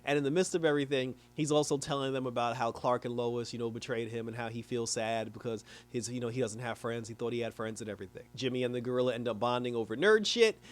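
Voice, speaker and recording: Young male reviewer, casual recap, lively, acts out the characters, laughs often. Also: medium pitch, quick pace, hardly any pauses. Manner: animated, retells scenes acting out the characters, laughs often. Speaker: reviewer of a cartoon episode.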